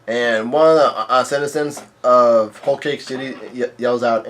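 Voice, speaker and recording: A man's voice: mid-range voice, steady tone, moderate pace, hardly any pauses, fairly bright tone, a little hiss or hum. A man casually reading through a comic chapter aloud and adding his own comments, delivering the quoted lines in the same plain, level voice. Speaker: manga reader and commentator.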